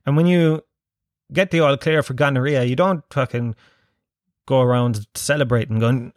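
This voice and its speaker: A man's voice: medium pitch, moderate pace, no echo, clean studio sound. An Irish man hosting a show, riffing through a casual monologue of profane, joking, rambling banter. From Ireland.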